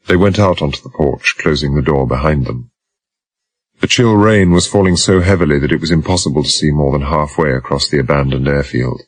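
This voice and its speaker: A man narrating a thriller audiobook in a measured, even way. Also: extremely low pitch, no room sound.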